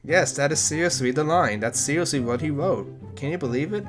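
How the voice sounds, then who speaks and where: A man's voice: fairly high pitch, moderate pace. A man reading a bad fanfic aloud with sarcastic, exasperated comic asides. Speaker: comedy reviewer reading fanfic. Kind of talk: mocking commentary on a reading. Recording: music playing behind.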